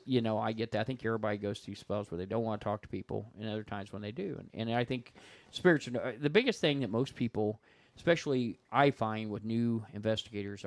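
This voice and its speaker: Animated storytelling man, dry close sound. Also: lowish voice, dry recording. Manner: animated storyteller who acts out quoted voices. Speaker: guest paranormal investigator and author. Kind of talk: casual storytelling chat.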